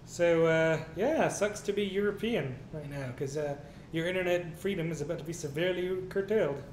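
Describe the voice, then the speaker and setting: A man with a somewhat high voice ranting through a casual news commentary, swearing freely as he reads items aloud. The room is echoey. A faint rumble runs behind him. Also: fairly quick. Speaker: co-host.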